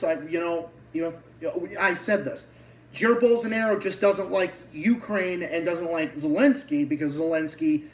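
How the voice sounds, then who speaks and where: A man with a Boston accent rants about politics on a livestream, swearing freely and often restarting mid-sentence. His voice sits a little high for a man. He sounds slightly distant, as if sitting back from the microphone. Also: slight background noise. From Massachusetts. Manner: heated, profane ranting with many restarts. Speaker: livestream host.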